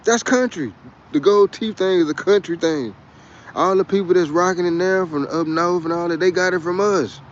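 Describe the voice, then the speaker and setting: A man's voice: high-pitched, moderate pace, lo-fi sound, a little hiss or hum. A man with a Texas twang, chatting in a rambling, boisterous and profane way on a casual livestream. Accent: Texan. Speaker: livestream host.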